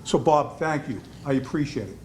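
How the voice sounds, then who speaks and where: A man's voice: medium pitch, expressive, moderate pace, noisy background. A man telling a self-deprecating story in a hall of fame acceptance speech at a restaurant event, acting out the voices of the people in it.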